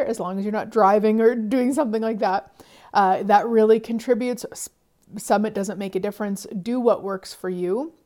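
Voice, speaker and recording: A middle-aged woman coaching listeners about money, soft-spoken, sighing often and dropping to whispers. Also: a little high. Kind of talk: motivational talk.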